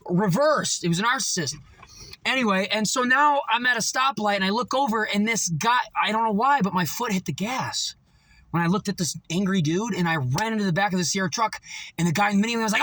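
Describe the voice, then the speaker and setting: A high-pitched man talks briskly in a rambling, profane motivational monologue with no echo. As a vlogger, he tells his stories with animation and plenty of filler words.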